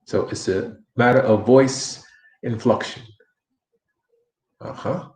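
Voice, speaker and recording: A man's voice: medium pitch, slow, a little mellow, echoey room. A man teaching a casual Spanish lesson, repeating phrases and modeling question inflection with encouragement. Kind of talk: casual online language lesson.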